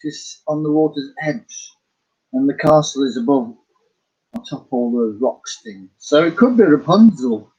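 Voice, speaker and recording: A man's voice: mid-range voice, lively intonation, a little slow, mellow, husky, lo-fi sound. A man, a painter, talking about his work in a casual, rambling vlog, musing and correcting himself as he goes. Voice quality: musing, wandering, self-correcting. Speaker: vlogger and painter.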